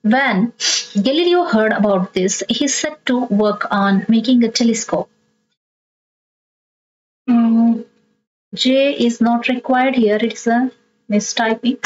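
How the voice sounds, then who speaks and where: Indian english lady teacher going through a workbook real slow, kinda high voice, dull lo-fi sound. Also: a little hiss or hum. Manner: slow, deliberate reading of exercises. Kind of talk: textbook lesson explanation.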